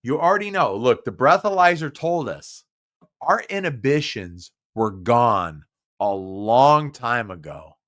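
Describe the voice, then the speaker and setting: A man's voice: mid-range voice, lively intonation, unhurried, fairly bright tone. A drunk man hosting a podcast, slurring his speech, rambling and stumbling over repeated words. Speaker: podcast host. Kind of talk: casual live podcast talk.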